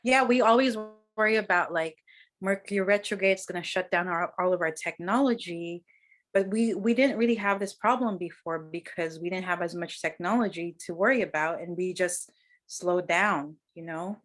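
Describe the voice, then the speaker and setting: A woman with a fairly low voice speaks in an easy conversational way. She sounds earnest and reflective, and she often leans on "like" as she talks. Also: moderate pace, fairly bright tone. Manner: earnest, reflective, frequent "like" fillers. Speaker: guest, healer and ceremonialist. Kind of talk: casual podcast conversation.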